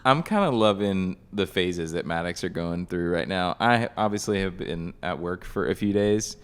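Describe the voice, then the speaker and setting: A man's voice: low voice, normal speed, a bit bright, clear, resonant tone. A man, co-hosting a casual podcast chat in an easygoing, laid-back way. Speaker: podcast co-host, husband.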